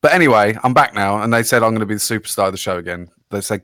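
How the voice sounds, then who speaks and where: A man co-hosting a casual podcast, sweary and mock-boastful with a deadpan edge. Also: lowish voice, very fast, dry recording, studio quality. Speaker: podcast co-host. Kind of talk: casual banter.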